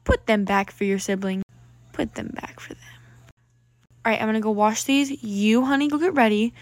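A woman voicing a doting, fussy mother in a toy role-play story, loud and cheerful. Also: on the high side, fairly even intonation, moderate pace, dry recording, natural voice.

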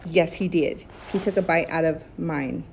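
A woman's voice: sits low, normal speed, creaky. Young woman, bubbly teacher vlogger, chatty delivery, faint hiss under the phone audio. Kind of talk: casual chat to camera.

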